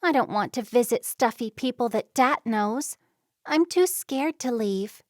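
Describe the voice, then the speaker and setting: Lady reading as a headstrong young amish girl, high and pleading, slow, dry sound. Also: lively intonation, a little mellow, no echo. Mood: upset.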